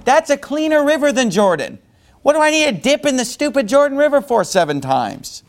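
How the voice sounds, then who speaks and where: A man's voice: very high-pitched, brisk, voice pushed up. A man voicing a proud ancient general who complains in huffy outrage at being snubbed. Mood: scornful.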